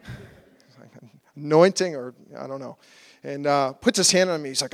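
Animated man preaching in a large echoing hall. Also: on the high side, normal speed, vocal fry. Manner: animated storytelling, acting out his own quotes loudly and softly. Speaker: preacher sharing a testimony. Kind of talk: sermon testimony.

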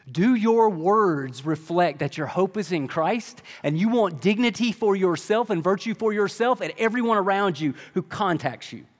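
A man preaching a sermon in a conversational style, full of rhetorical questions. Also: high-pitched. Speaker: pastor. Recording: long reverb of a large hall.

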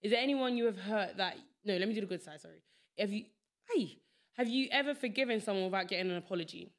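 A woman's voice: medium pitch, fast. A young woman hosting a podcast with a London accent, chatting casually and laughing easily as she rambles through stories. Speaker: podcast host. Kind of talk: casual chat.

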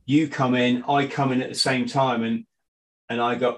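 A middle-aged man, a guest in a casual conversation, talking in a halting way with frequent restarts and fillers. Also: mid-range voice, flat delivery, poor audio. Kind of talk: casual conspiracy chat.

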